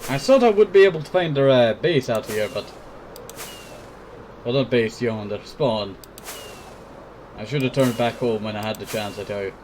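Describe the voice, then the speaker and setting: A man's voice: mid-range voice, lively intonation, normal speed, pauses often, noisy background. A sick man with a cough, rambling casually while commenting on his own gameplay. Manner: rambling, keeps saying "I tell you". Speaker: gameplay video host.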